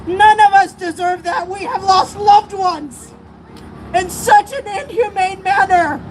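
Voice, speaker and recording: High-voiced woman giving a fervent rally speech. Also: slow. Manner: fervent and emotional, voice breaking at times. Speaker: speaker at a protest rally. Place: outdoors on a city street. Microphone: streamer's camera mic among the crowd. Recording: live street stream with crowd and traffic noise. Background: crowd and passing traffic.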